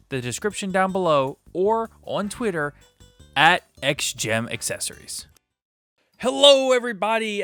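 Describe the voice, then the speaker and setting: A man hosts a laid-back podcast, joking around and rattling off sponsor reads and long lists of names. His voice sits a little high, with faint music underneath. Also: fairly bright tone. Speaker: podcast host.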